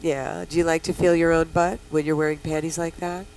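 A woman's voice: low-pitched, little pitch movement, fairly quick, a little mellow, a little hiss or hum, rough recording. A woman hosting a talk show, talking in a playful, bawdy, teasing way with callers. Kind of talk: casual radio show chat.

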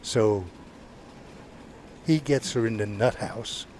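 A man's voice: lowish voice, slow pace, a little mellow, slight background noise. An older man with a Southern US accent, rambling through a story as a podcast guest, with stammering restarts. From Georgia, US. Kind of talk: casual storytelling.

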